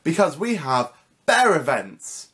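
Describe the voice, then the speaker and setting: A man's voice: fairly high pitch, very animated, takes it slowly, sharp tone. A young British man with a cheeky, mock-indignant manner, hosting a comedic vlog lesson. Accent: British English. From United Kingdom. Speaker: vlogger.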